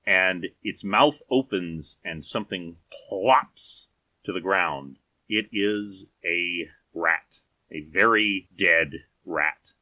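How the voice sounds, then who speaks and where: A man narrating a tabletop game as game master, telling the scene in unhurried, vivid detail. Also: sits low, bright, forceful tone, dry recording.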